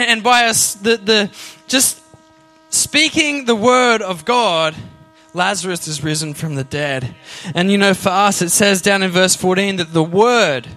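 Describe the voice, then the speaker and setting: A man preaching an Easter sermon, reading scripture aloud and checking in with his listeners with "amen?". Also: sits high. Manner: animated, engages audience with "amen?". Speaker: pastor.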